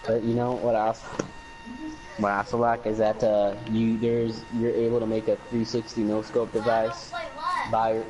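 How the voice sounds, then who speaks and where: A man's voice: lowish voice, completely flat delivery, moderate pace, a crowd in the background, rough recording. A man chatting casually in a game review, rambling and joking, often repeating his words. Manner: rambling, jokey, repeats words, mock drawl. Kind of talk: casual chat.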